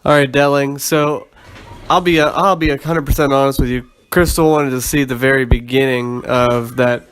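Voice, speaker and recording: A man with a middling voice from around Pittsburgh, chatting casually on a fantasy football podcast. He rambles in an easygoing way, pausing on ums and restarting his sentences. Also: mid-range voice, steady tone, fairly bright tone, clean tone. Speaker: podcast co-host.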